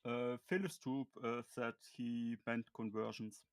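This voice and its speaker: A man's voice: mid-range voice, steady tone, smooth, no room sound. A German man with a German accent, speaking English hesitantly and reading out viewer comments. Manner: hesitant, halting. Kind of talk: casual chat, reading out comments.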